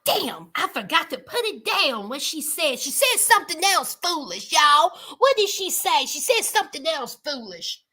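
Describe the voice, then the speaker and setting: A woman's voice: high voice, sing-song, normal speed, hardly any pauses, pushed and bright. A woman giving a sassy, emphatic casual recap of a reality TV show.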